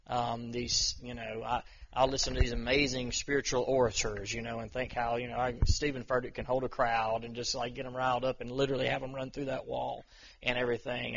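A man's voice: medium pitch, creaky, sharp tone, husky, lo-fi sound. A man giving an informal, conversational sermon to a small church group, self-deprecating and full of restarts. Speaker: pastor.

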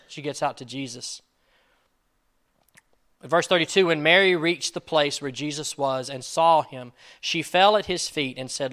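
Man, sermon, conversational preaching, bright tone, slightly high pitch. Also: brisk. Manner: casual preaching with fillers, acts out quoted speech. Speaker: pastor.

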